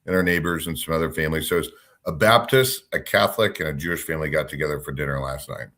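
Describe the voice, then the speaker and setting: Very deep-voiced upbeat male co-host. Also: quick pace, a bit bright. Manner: upbeat, rambling, jokey. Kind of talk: casual chat.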